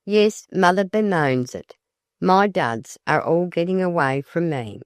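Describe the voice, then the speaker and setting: An audiobook narrator voicing a lively, practical young college woman in a brisk, friendly way. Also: mid-range voice, smooth, no room sound, studio quality, natural voice.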